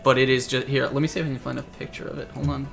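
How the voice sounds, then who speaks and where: A man's voice: mid-range voice, flat delivery, racing, vocal fry, fairly bright tone, faint music behind. A man narrating as game master for a tabletop game, rambling and searching for words as he describes scenes.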